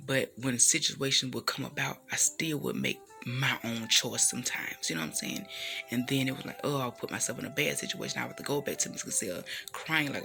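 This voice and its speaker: Earnest gravelly-voiced woman in her thirties. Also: extremely low pitch, huge pitch swings, fairly quick, bright, forceful tone, faint music behind. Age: 30s. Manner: earnest and emotional, with frequent "you know" fillers. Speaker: speaker sharing a personal testimony. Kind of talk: heartfelt personal testimony.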